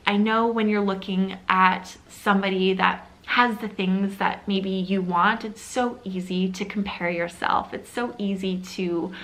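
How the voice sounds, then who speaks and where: A woman's voice: mid-range voice, fairly even intonation, a little slow, hardly any pauses, fairly bright tone. Woman vlogger, mid-range voice, motivational and encouraging. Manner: earnest, encouraging, direct to viewer. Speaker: lifestyle vlogger. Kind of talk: motivational vlog talk.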